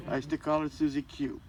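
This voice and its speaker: A man's voice: fairly high pitch, level tone, normal speed, crowd noise. An older man giving a eulogy for a close friend at a church service, telling folksy stories and acting out the dialogue with humor. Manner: folksy and joking, acts out dialogue. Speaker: eulogy speaker, friend of the deceased. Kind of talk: storytelling eulogy.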